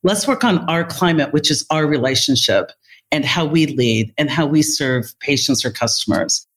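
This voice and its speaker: A woman with a slightly low voice speaks as an interview guest. She tells her stories with energy and acts out quoted dialogue, and her pitch jumps up when she plays other people. She sounds confident and talkative. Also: normal speed. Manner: animated storyteller who acts out quoted dialogue. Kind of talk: storytelling in conversation.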